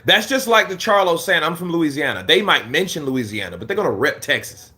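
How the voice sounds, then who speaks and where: A man on a desk mic hosts a casual boxing livestream and talks straight to his chat. His voice is bright and forceful, and it climbs high when he gets heated. Between rants he drops into low, mumbled asides. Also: very animated, brisk. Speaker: boxing commentary livestream host.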